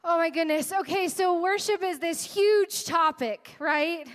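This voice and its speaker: A high-voiced woman preaches and prays, earnest and a little tearful. Her talk is chatty and warm-hearted, full of fillers and heartfelt asides. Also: measured pace. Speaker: guest speaker and worship leader. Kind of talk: sermon with spoken prayer.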